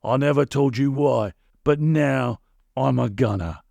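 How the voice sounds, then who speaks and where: A man's voice: mid-range voice, unhurried, creaky, darkish tone, no room sound. A man voicing a boastful, nasty old villain who talks in coarse broken grammar. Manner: coarse ungrammatical bluster.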